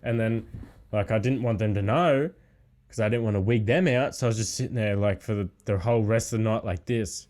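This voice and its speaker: A relaxed man with a fairly low voice, drifting through casual chat as a podcast guest. He rambles along easily and swears freely, his words piling onto each other. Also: a little fast. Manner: laid-back, rambling, heavy swearing.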